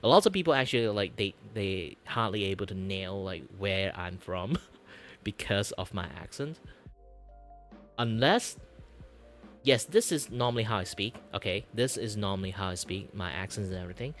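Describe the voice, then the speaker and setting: A man from Malaysia with a Malaysian English accent touched by Scottish vowels, chatting casually as a streamer in a relaxed, rambling way. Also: lowish voice, normal speed, faint music behind. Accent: Malaysian English with slight Scottish influence. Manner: rambling, relaxed, lots of fillers. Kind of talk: casual chat.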